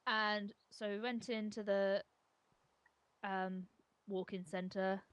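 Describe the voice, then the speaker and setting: A woman telling a story casually over gameplay as a co-host. She is animated and self-mocking, and she often restarts her sentences. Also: mid-range voice, slow pace, dry recording. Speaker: gaming channel co-host.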